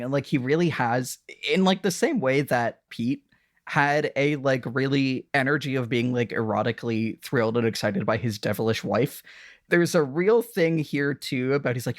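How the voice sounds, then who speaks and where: A woman co-hosting a podcast, recapping a TV episode in casual chat, animated, laughing often and swearing between many fillers. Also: rumbling low, normal speed, no room sound, clean studio sound. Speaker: podcast co-host.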